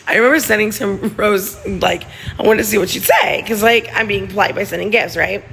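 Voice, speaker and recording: A woman chats to her livestream viewers through her phone, gossiping and giggling as she rambles from one thought to the next. Her voice has a gravelly, fried edge. A faint hiss of noise sits under the recording. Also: medium pitch, fairly quick, fairly bright tone. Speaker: livestream host. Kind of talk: casual livestream chat to viewers.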